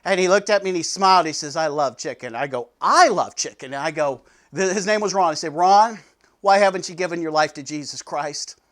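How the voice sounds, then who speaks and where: A man giving a devotional sermon, telling a story with sudden swings between loud and soft. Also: high voice, a little fast. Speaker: pastor.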